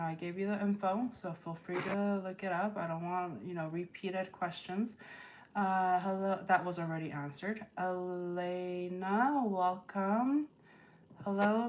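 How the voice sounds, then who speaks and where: A woman's voice: fairly low pitch, slight background noise. A woman hosting a tarot livestream, reading viewer comments aloud and firmly setting chat rules. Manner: slow and deliberate, firm about chat rules.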